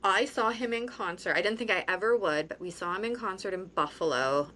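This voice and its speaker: A woman's voice: mid-range voice, fairly quick, sharp tone, slight background noise. A woman in her forties hosting an interview, chatty and telling stories with frequent laughter. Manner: chatty, storytelling, laughs often. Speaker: show host. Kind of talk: casual interview chat.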